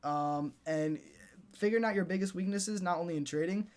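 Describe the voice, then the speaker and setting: A man's voice: sits high, a little fast. A young man coaching day traders in a casual motivational talk, repeating himself and ending points with "right?" and "dude". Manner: repetitive, pep-talk, tags "right?" and "dude".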